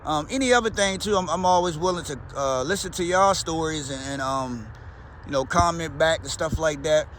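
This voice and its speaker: A man's voice: fairly high pitch, moderate pace, fairly bright tone, a little hiss or hum. A man with a Baltimore accent, talking in a loose, slangy, rambling way as a vlogger. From Baltimore, USA. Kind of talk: casual rambling chat.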